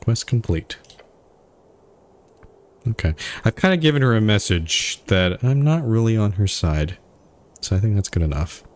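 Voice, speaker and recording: A man's voice: lowish voice, very animated, a little slow, pauses often. A man streaming a role-playing game, reading its dialogue and narration aloud and reacting with dry remarks between lines. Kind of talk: let's play with game text read aloud. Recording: faint music behind the voice.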